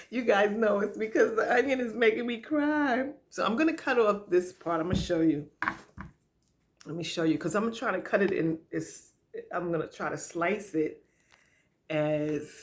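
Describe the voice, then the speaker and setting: Against a noisy background, a middle-aged woman with a fairly low-pitched voice cooks in her home kitchen for her vlog. She keeps up a casual cooking chat, laughing a lot and addressing viewers directly.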